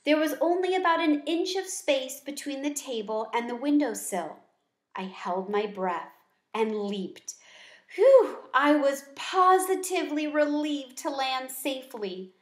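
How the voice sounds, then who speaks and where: A woman reading a children's book aloud in a gentle, expressive storyteller voice. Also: high-pitched, a little slow. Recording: echoey room.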